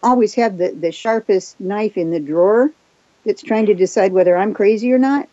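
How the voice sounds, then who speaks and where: A woman raised in Japan with Japanese as her first language, a therapist and hypnotist telling her story fast and self-assuredly as a radio guest. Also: medium pitch, mellow, dry recording, lo-fi sound. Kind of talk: casual chat on a radio show.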